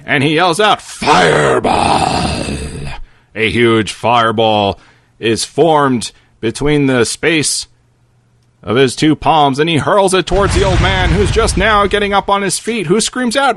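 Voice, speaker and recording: A man's voice: fairly high pitch, fairly bright tone. A man narrating a comedic fantasy story in a theatrical, playful way.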